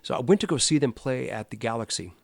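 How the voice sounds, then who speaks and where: A man's voice: mid-range voice, quick pace, creaky, dry recording. A middle-aged man from Los Angeles, a guest musician telling stories in a casual interview and acting out what people said. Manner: animated storyteller, acts out quoted voices.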